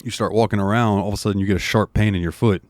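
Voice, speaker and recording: A man's voice: lowish voice, fairly even intonation, racing, a little mellow, no room sound. A man co-hosting a casual podcast, rambling through a game's story with lots of fillers. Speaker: podcast co-host.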